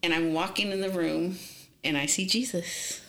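A woman telling a personal story in a casual, earnest way, often halting and restarting. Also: lowish voice, steady tone, a bit bright. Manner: emotional, earnest, halting retelling. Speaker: retreat participant sharing her story.

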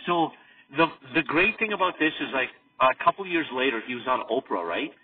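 Husky man telling animated stories. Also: medium pitch, a little fast. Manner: animated storytelling, acts out quotes. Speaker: podcast co-host. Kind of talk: casual chat. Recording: distant tinny phone-like audio.

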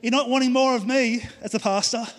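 A man's voice: extremely high pitch, fairly even intonation, fairly quick. A middle-aged man preaching a sermon with emphatic, repeated phrases in a church. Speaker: pastor. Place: church hall. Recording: long hall reverb.

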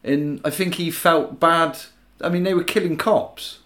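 A man's voice: on the high side, fairly even intonation, unhurried, a bit bright. A man co-hosting a casual podcast, chatting about a film and recounting its plot. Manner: chatty, recounts plot, swears then apologises. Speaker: podcast co-host.

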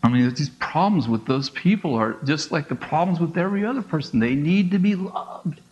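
A middle-aged man, a pastor, preaching a conversational sermon with quick asides, acted-out dialogue and laughs. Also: a little high, expressive, darkish tone, muffled recording.

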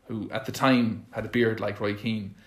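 A man's voice: lowish voice, flat delivery, normal speed, fairly bright tone. An Irish man hosting a casual podcast chat, rambling with lots of restarts and fillers. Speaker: podcast host. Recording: echoey room.

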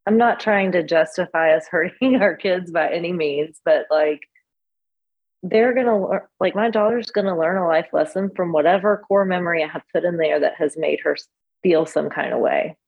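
A woman's voice: lowish voice, moderate pace, vocal fry, slightly rough, narrow, tinny audio. A woman therapist on a podcast, speaking candidly and reassuringly, often laughing. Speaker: therapist guest. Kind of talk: casual podcast chat.

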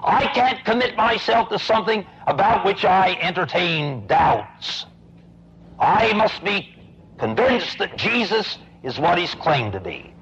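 A man's voice: high voice, big pitch swings, measured pace, creaky, fairly bright tone, a little hiss or hum. A man teaching an evening Bible class in an earnest, emphatic way, with repeated phrases, ending in prayer, heard on a dull lo-fi tape from a college classroom.

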